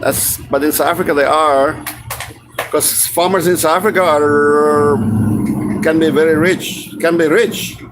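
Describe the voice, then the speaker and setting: A man with a somewhat higher voice talks in a loose, meandering vlog monologue. He swears casually and trips over restarts as he goes. Vehicle noise is clearly heard behind his voice. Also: fairly even intonation, measured pace. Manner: meandering, profane, many restarts. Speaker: vlogger.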